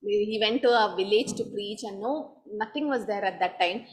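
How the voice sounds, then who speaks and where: A woman giving a scripture class, telling devotional stories in a lively way and acting out the people in them. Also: mid-range voice, normal speed, low-quality recording. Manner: animated storytelling, acting out quoted voices. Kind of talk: storytelling sermon.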